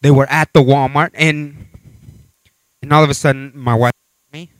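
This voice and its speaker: A man preaching a sermon with animated storytelling, acting out voices and scenes as he talks. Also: medium pitch, normal speed, dry recording.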